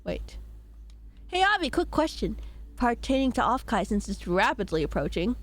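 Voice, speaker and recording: Casual woman game streamer, slightly hoarse, playful and giggly, a touch high-pitched. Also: big pitch swings, moderate pace.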